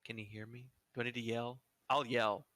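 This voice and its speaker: A man's voice: medium pitch, flat delivery, brisk, sharp tone, dry recording. A man playing a tabletop game, joking with the table, laughing often and hesitating with fillers. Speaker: player. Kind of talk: casual tabletop play.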